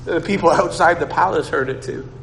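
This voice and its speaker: A male preacher with a high voice tells a Bible story to his listeners, circling back on his words and restarting phrases. The long reverb of a large hall follows him, over a faint steady noise. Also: a little fast, gravelly. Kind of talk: sermon, retelling a Bible story.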